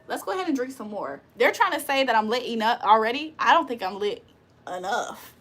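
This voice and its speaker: A woman's voice: on the high side, animated, fairly quick, a bit bright. A woman hosting a casual livestream, reading chat aloud, playful and profane, laughing often and teasing viewers in a mock-preacher tone. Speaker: livestream host.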